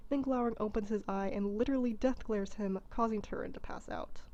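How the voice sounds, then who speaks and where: A woman's voice: medium pitch, fairly even intonation, brisk, warm tone, dull audio. A woman narrating a comedic abridged retelling in a casual, irreverent way.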